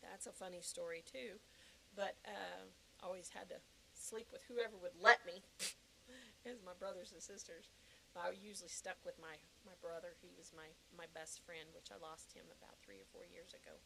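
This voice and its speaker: An older woman telling a personal story in a podcast interview, animated and laughing often. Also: on the low side, normal speed, gravelly, poor audio. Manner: animated, laughing, acting out quoted reactions. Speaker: guest.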